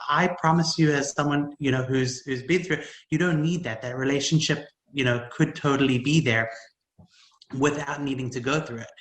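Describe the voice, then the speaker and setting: A man in his forties telling his personal story on a livestream panel, speaking haltingly with many restarts and fillers, then growing impassioned. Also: medium pitch, fairly bright tone, reverberant. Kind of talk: emotional personal testimony.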